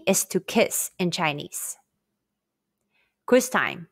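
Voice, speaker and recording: A woman teaching a scripted pronunciation lesson, drilling sounds slowly and carefully for learners to repeat. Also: on the low side, sing-song. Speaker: Chinese language teacher.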